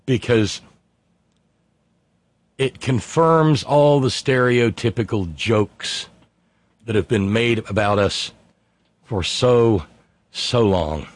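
A middle-aged West Virginian podcast host delivers a sardonic, profane monologue on his casual talk show, reading listener emails aloud. His voice is medium-pitched and slow, with long pauses. The recording is dry.

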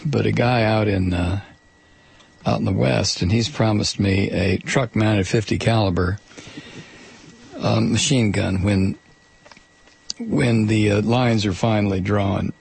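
A man hosts a talk radio show, rambling through jokes with frequent ums and restarts. His voice is gravelly with a husky, rough texture. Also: fairly low pitch. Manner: rambling, joking, many fillers and restarts. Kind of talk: casual talk radio monologue.

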